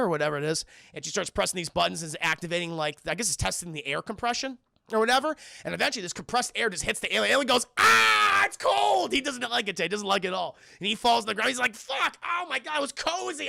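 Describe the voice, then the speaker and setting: A man streaming a profane, jokey film recap to his chat, in an animated way. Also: high-pitched, creaky, dry recording, studio quality.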